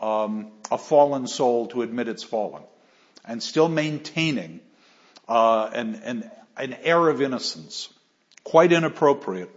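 Animated male literature lecturer. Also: medium pitch. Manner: animated, emphatic, with frequent restarts. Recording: slightly dull lo-fi recording.

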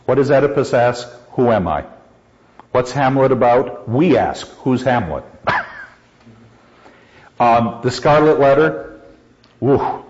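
A man lecturing a class on a play, animated and quick to laugh, sometimes acting out quoted lines in a raised voice. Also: medium pitch. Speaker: literature teacher. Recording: dull lo-fi classroom recording.

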